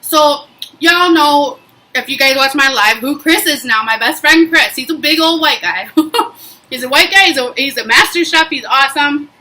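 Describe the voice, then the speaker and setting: A woman's voice: high-pitched, normal speed, poor audio. A young woman vlogging, telling a personal story in a casual, emphatic way with lots of fillers. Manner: emphatic, animated retelling with frequent fillers.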